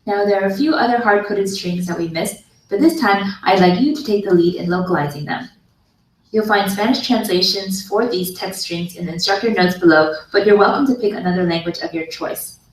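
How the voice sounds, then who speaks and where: A woman narrating a scripted programming tutorial in a calm, explanatory way, played as a video in a classroom. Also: mid-range voice, a little fast, roomy sound, a little hiss or hum. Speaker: online course instructor. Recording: video played into a room, heard from far.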